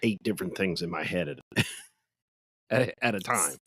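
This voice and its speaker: A male podcast co-host talking haltingly in casual conversation, searching for words and sighing. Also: low voice, animated, fairly bright tone, slightly rough, no room sound.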